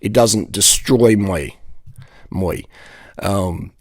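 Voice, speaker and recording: A man's voice: lowish voice, extremely slow, no echo. A man, ranting casually to camera in a blunt, rambling, profane way. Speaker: vlogger.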